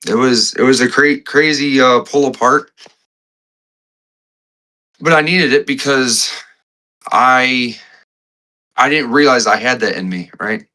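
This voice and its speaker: A man talking as a podcast guest, telling a personal story in a halting way, repeating phrases and restarting often, a little choked up. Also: mid-range voice, bright, forceful tone, low-quality recording. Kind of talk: emotional conversational storytelling.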